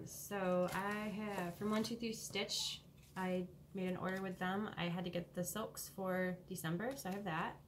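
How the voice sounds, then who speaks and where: A woman vlogger showing off her cross-stitch haul at home in a rambling, hurried way, with many pauses and ums. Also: lowish voice, background noise. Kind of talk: casual show-and-tell haul. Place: home, indoors.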